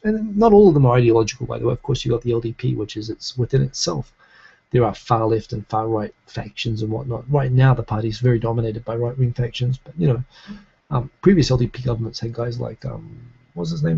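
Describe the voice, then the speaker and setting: A man's voice: medium pitch, creaky, dark tone, slightly rough, highs cut off. A man with a faded New Zealand accent hosting a live show, chatting casually and reading comments, rambling with lots of fillers and restarts.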